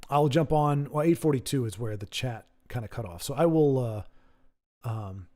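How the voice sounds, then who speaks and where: A man's voice: mid-range voice, moderate pace, warm tone. A man giving casual, self-deprecating live-stream commentary on a card game match. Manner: rambling, self-deprecating, joking. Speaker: streamer and caster.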